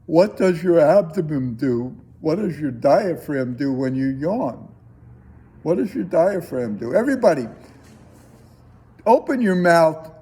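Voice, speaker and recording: A man guides a breathing class in a slow, coaxing teaching voice. His tone is mellow and a little husky, pitched somewhat high for a man. He takes his time, leaving pauses between short cues.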